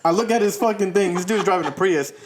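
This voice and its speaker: Animated laughing man telling a story. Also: high voice, fast, slight background noise. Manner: animated storyteller, laughs often, swears casually. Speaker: podcast co-host. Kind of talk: casual storytelling chat.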